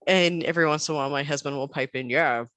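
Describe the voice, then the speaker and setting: A woman's voice: deep voice, rapid-fire, no echo. A woman in her thirties, a podcast guest, telling family stories in casual chat and acting out the quoted dialogue. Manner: animated storyteller who acts out quoted dialogue.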